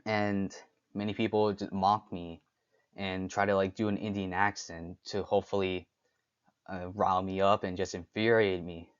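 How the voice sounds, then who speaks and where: Young man, solo podcast talk, halting delivery, fairly low voice, muffled lo-fi sound. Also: level tone, smooth. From United States. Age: young adult. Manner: halting, frequent restarts and fillers. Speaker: podcast host. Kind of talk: unscripted solo talk on stereotypes.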